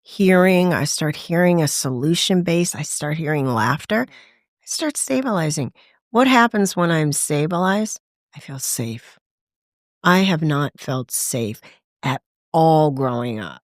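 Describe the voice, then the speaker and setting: A woman's voice: low-pitched, animated, a little slow, no room sound, studio quality. A woman, a podcast guest, telling her recovery story in candid conversation, acting out quoted voices and laughing often.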